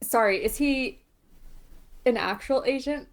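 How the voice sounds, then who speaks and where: Wry, high-voiced woman joking. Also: unhurried, a little hiss or hum. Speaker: let's play player. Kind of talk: casual chat.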